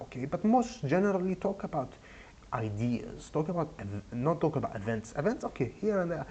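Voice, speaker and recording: A young man giving casual advice in a goofy, rambling way, speaking deliberately broken English. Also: a little high, very animated, dark tone, dull audio. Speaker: advice vlogger.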